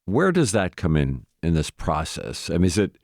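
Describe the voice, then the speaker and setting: A man hosting an interview, asking halting, searching questions. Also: deep voice, wildly swooping pitch, vocal fry, darkish tone, no echo, clean studio sound. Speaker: host. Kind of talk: interview conversation.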